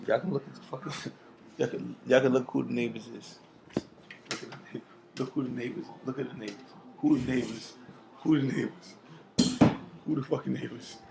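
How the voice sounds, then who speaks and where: A young man rambling loosely and profanely at home at night, drifting between loud talk and whispers, recorded on a laptop mic. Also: medium pitch, vocal fry, background noise. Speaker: vlogger. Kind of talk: rambling casual vlog. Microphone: laptop built-in mic.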